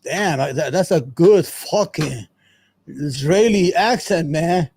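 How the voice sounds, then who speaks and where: A man talks over clips as the host of a commentary show. His voice sits fairly high but sounds dark, and his talk is blunt, profane and rambling, with many restarts. The recording is dry. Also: animated, slow pace, gravelly, slightly rough, no room sound. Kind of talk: casual commentary.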